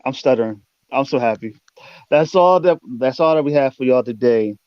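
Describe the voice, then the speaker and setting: A man's voice: mid-range voice, moderate pace, no echo. Laid-back male host, dull dry sound. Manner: laid-back, laughing, repeats "you know what I'm saying". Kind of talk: casual interview show.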